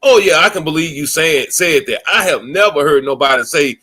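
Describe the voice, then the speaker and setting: A man talks over clips in a reaction commentary, swearing freely and tripping over repeated words as he pushes his point. His voice sits a little high and has a bright, pressed edge. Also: lively intonation, fairly quick, few pauses, slightly rough. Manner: profane, stammering, heated. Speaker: commentary host.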